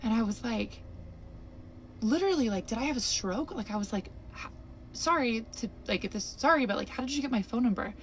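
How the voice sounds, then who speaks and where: A woman's voice: on the high side, a little fast, slight background noise. A young woman telling her own camping story in a casual vlog, talking animatedly with lots of fillers and restarts. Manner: breathless, animated retelling with many fillers.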